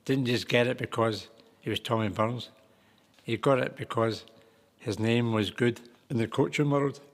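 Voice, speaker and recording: A man's voice: mid-range voice, normal speed. A man in a documentary interview speaking emphatically. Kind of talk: interview recollection.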